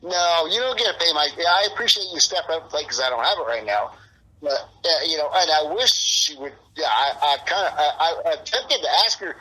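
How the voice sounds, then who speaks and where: A man's voice: on the high side, animated, moderate pace, bright, forceful tone, low-quality recording. A middle-aged man being interviewed, talking in a rambling, profane, frustrated way. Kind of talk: casual interview.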